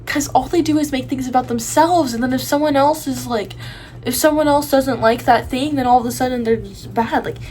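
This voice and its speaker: A woman's voice: high voice, fairly quick, a little mellow, a little hiss or hum, rough recording. A young woman in her teens ranting casually to the camera, rambling with lots of fillers and restarts. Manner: rambling, full of likes and restarts. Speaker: vlogger.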